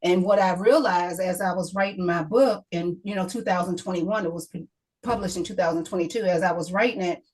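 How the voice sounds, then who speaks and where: A woman's voice: lowish voice, fairly quick, darkish tone, rough recording. Woman telling a painful personal story. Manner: emotional, repeating herself, quoting others. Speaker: guest, author.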